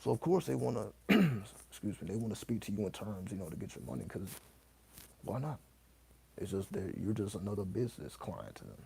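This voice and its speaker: Male host, deep dark gravelly voice, AAVE speaker, blunt profane monologue, spells words out loud. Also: big pitch swings, brisk. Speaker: host answering viewer questions. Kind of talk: casual monologue to camera.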